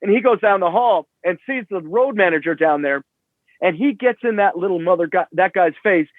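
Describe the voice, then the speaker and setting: A man's voice: high-pitched, animated, fairly quick, no echo. A man in his sixties, a rock musician guest, telling stories in a rambling, profane way full of fillers, over a remote call. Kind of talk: casual storytelling. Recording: tinny phone-like line.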